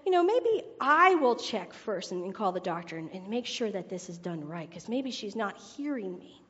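A woman's voice: medium pitch, big pitch swings, normal speed, a bit bright, voice pushed down. A woman preacher voicing a puzzled husband in a joke, in a mild conversational tone. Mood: musing. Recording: reverberant hall, dull sound.

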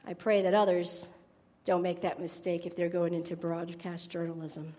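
A woman's voice: on the low side, flat delivery, normal speed, mellow. A woman preacher telling a joke and then giving her sermon, chatty and laughing at her own jokes. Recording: reverberant hall, dull sound.

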